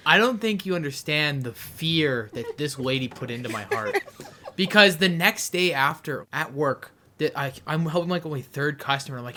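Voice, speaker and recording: Man, podcast co-host, bright sharp tone, slightly high, excitable, anxious storyteller. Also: normal speed, a little hiss or hum. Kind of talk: casual podcast chat.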